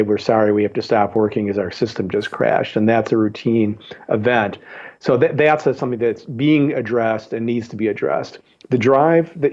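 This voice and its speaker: A male journalist explaining his reporting in a measured, even way, pausing on fillers as he builds his points. His low-pitched voice comes through slightly dull, muffled audio. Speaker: journalist guest. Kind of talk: interview answers.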